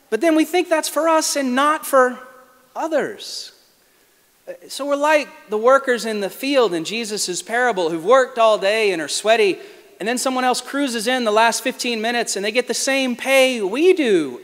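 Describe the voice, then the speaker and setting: Animated high-voiced man preaching in a church. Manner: animated, quick asides and acted-out quotes. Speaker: guest preacher. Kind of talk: sermon. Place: large church sanctuary. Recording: long church reverb.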